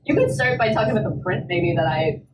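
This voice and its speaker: A woman's voice: mid-range voice, big pitch swings, fast. A woman hosting a live talk show, interviewing a guest onstage. She hesitates and repeats words as she forms her questions. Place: live event venue. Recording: roomy, distant mic, ambient noise.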